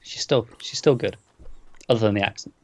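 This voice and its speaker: A man's voice: lowish voice, a little fast, a little mellow, dry recording. A man co-hosting a podcast in casual chat, making wry, incredulous remarks. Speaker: podcast co-host.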